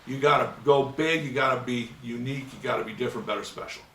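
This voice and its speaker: A man giving a lecture, telling a story and acting out both sides of a phone call, with sudden loud bursts. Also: medium pitch, quick pace, a little hiss or hum. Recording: roomy hall, mic at a distance.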